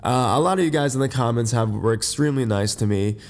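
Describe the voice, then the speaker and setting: A man hosting a casual, rambling podcast from his bed. He has just woken up, and his voice is deep and a little congested. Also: fast. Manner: rambling, many fillers and restarts. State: groggy, just woke up. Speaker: podcast host. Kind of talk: casual unscripted podcast monologue. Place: in bed at home.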